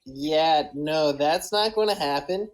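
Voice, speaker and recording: Brief: woman at a tabletop game, low voice, casual and matter-of-fact. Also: slow. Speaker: player.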